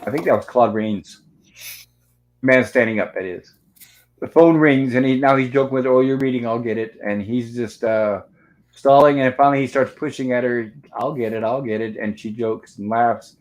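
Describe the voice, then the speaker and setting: A man's voice: mid-range voice, moderate pace, low-quality recording. A man hosting a casual livestream review, walking through a film scene by scene and reading out its lines. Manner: narrates scenes step by step, reading out dialogue. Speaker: host of a movie review livestream. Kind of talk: casual movie recap.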